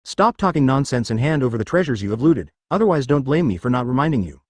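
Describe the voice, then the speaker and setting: A cold, ruthless young pirate captain read out by a man with no special voice. The pitch moves around a lot. The recording is dry and close. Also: big pitch swings, fast, darkish tone, dry recording.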